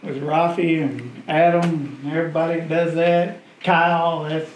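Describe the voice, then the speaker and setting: A man's voice: fairly high pitch, flat delivery, slight background noise. Folksy man in an echoey hall. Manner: halting, folksy, lots of fillers. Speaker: retiring coach. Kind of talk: casual thank-you speech. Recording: echoey hall, mic at a distance.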